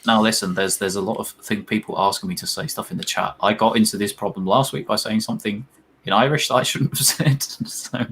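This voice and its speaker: A young man with a slightly low voice trades jokes and laughs his way through a live match watch-along. Now and then he rattles off quick play-by-play, with a faint hiss of noise underneath. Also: fairly even intonation, fairly bright tone. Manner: jokey, laughs often, quick bursts of live commentary. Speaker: co-host.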